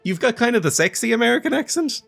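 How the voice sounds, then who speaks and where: A man's voice: very high voice, sing-song, quick pace, creaky, a bit bright, slightly rough, soft background music. A man hosting a let's play, giving casual, chatty commentary that mocks himself as he plays. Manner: chatty, self-mocking, laughs often.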